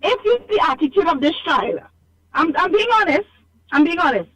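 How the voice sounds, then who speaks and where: Over a phone line, a Trinidadian woman calls in to a radio show with an animated complaint, scolding emphatically and repeating herself for stress. Her voice is very high-pitched, expressive, a bit bright, and a little fast.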